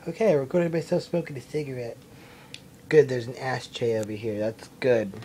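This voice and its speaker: A young man records a casual vlog on his own camera mic indoors at his mom's house, rambling and swearing with self-mocking humor. His medium-pitched voice is expressive at a moderate pace, with a noisy background.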